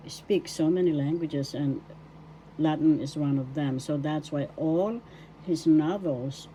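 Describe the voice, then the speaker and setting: Woman teacher, low mellow voice, slow and patient, repeats words syllable by syllable, faint noise. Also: muffled recording. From Philippines. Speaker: language teacher. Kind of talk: slow classroom lesson.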